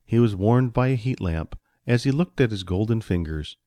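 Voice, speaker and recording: A man reading a children's story aloud with expressive storytelling. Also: on the low side, normal speed, dry recording. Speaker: narrator.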